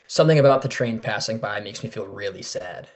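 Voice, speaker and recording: A young man in casual conversation on a podcast, animated and loose. He talks with plenty of fillers and drops the odd swear word. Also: on the low side, fairly quick. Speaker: podcast co-host. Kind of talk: casual chat.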